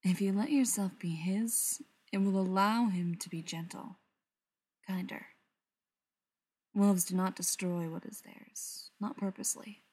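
A woman's voice: steady tone, a little slow, darkish tone, slightly rough. Woman whispering as a coaxing young woman. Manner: low intimate whisper. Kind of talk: whispered role-play.

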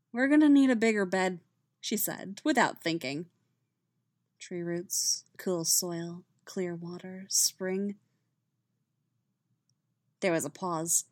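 A woman reading fan fiction aloud as a podfic, with soft, steady storytelling. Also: lowish voice, no echo. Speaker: podfic reader.

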